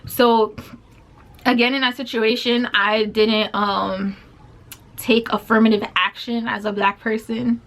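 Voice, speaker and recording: A woman's voice: fairly high pitch, little pitch movement, takes it slowly, a bit bright. Young woman telling a casual storytime. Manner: casual, filler-heavy retelling with many quoted exchanges. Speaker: vlogger. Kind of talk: storytime vlog.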